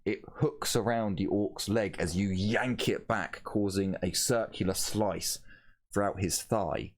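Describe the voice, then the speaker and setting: A man narrating as game master of a tabletop game, casual and halting, often stopping to correct himself. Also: on the low side. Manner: casual, halting, with frequent ums and self-corrections.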